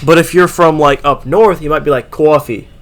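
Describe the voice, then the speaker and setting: A man from Florida, United States, co-hosts a casual comedy podcast, speaking a little fast in a steady, fairly high-pitched voice. He's chatty and uses lots of fillers while explaining.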